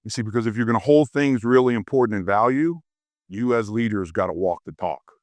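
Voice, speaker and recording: A middle-aged man from Louisiana giving a humorous leadership keynote, a lively storyteller who acts out quoted voices. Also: lowish voice, fairly quick, no room sound. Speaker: keynote speaker. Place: conference stage.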